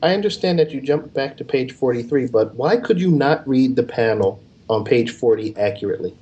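A man with a mid-range voice banters on a podcast. He puts on overly polite, pedantic formality as a deadpan tease. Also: medium pitch, brisk, lo-fi sound. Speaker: co-host.

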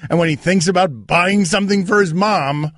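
A man hosting sports talk radio, riffing in an animated way on a studio mic. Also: sits high, normal speed, slight background noise.

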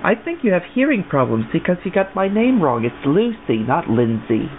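A man's voice: sits high, very animated, normal speed. Man doing a fussy lonely old woman. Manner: dramatic, fussy, oversharing. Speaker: prank caller. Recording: tinny phone line, faint hiss.

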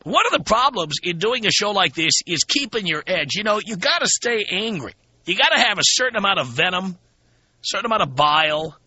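A man's voice: high voice, big pitch swings, brisk, bright, forceful tone, breathy edge, no echo, highs cut off. A man hosting a radio talk show, talking to listeners in a sardonic, profane, self-mocking monologue from a studio. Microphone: studio microphone.

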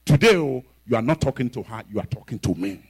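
A man's voice: medium pitch, lively intonation, fast talker, a little mellow, slightly rough. A man voicing a taunting evil spirit. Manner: taunting, scornful. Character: mocking spiteful evil spirit possessing a woman.

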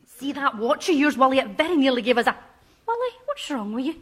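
An actress with a Scottish accent playing a dry, sarcastic grown-up daughter in a sitcom, delivering deadpan put-downs. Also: female voice, sits high, fast, breathy edge, exaggerated voice.

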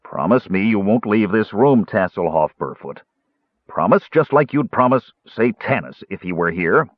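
A man doing a deep, gruff, weary big warrior. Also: expressive, moderate pace, no echo. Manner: gruff, grumbling, stern. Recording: tinny phone-like dry recording.

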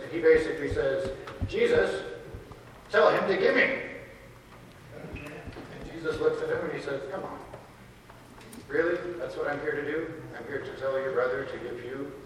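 A pastor talks to children at the front of a church, relaxed and chatty, asking them questions as he goes. He is far from the microphone, so the voice comes through a roomy, long-ringing echo with clear background noise. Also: a little high, a little fast. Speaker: pastor giving a children's message. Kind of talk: casual children's sermon. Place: church sanctuary.

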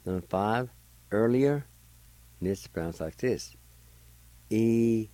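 An older man teaches vocabulary on the radio in a very low, mellow voice. He speaks at an unhurried pace, spells each word letter by letter and repeats it patiently. The sound is dry and close. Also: expressive, dry recording, poor audio. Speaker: radio host teaching language. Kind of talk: slow, deliberate language lesson.

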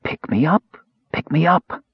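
A man's voice: on the high side, lively intonation, a little slow, breathy edge, no room sound, pitched above the performer's own voice, exaggerated voice. A man voicing an enchanted talking box that calls out insistently in a dull, lo-fi audiobook recording. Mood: coaxing. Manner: repetitive coaxing calls.

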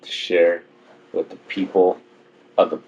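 A man with a very low voice, trading profane wisecracks and laughing often in casual podcast banter. The sound is dull and lo-fi. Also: level tone, unhurried, gravelly, darkish tone. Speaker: podcast co-host.

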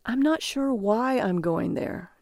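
A woman's voice: on the high side, lively intonation, takes it slowly, gravelly, a little mellow, dry recording, studio quality, exaggerated voice. A woman voicing a cold, terse young man. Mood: icy. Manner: icy and terse. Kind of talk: audiobook reading.

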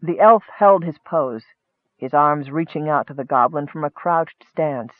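A man narrating a fantasy story in a steady, measured audiobook reading. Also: on the high side, dry recording, narrow, tinny audio.

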